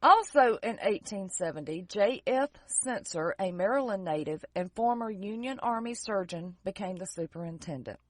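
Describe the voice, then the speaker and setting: A woman's voice: mid-range voice, expressive, normal speed, few pauses, no room sound. A woman in an easygoing podcast chat, walking through history from her notes and breaking off for sarcastic jokes. Her voice sits mid-range, recorded dry and close with no room sound. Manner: narrates history from notes with joking, sarcastic asides. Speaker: podcast co-host.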